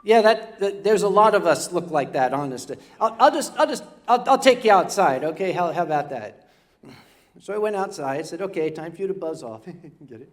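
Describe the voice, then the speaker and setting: An older man with a notably high voice tells a funny tale live on stage before a convention crowd. He stumbles over his words, repeats himself and breaks off for joking asides to the audience. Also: expressive, fairly quick. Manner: comic, stammering, chatty asides to the audience. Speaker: storyteller.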